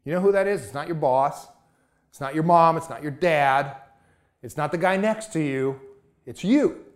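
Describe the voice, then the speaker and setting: A man's voice: a little high, moderate pace. A man giving a motivational talk, emphatic and full of rhetorical questions.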